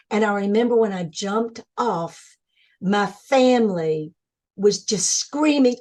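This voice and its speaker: A woman speaking as a webinar guest, telling her spiritual experiences with excited energy, restarting sentences as her thoughts rush ahead. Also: mid-range voice, unhurried. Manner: enthusiastic, spiritual, talks in bursts with restarts. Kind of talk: excited personal storytelling.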